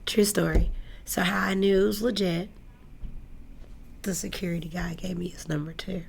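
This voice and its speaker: A woman musician, a guest in an interview, telling stories in a lively, animated way. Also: fairly low pitch, moderate pace, gravelly, slight background noise. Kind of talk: casual interview storytelling.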